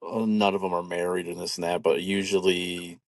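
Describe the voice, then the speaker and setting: A man co-hosting a podcast, talking in a relaxed, reflective way in loose run-on sentences. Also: low voice, a little fast, no echo. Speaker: podcast co-host. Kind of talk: casual podcast chat.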